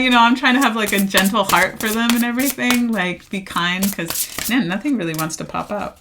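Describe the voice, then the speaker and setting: A woman's voice: medium pitch, a little fast, noisy background. A woman giving a casual tarot reading to viewers, chatty and emphatic, repeating her phrases and laughing often. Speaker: tarot card reader.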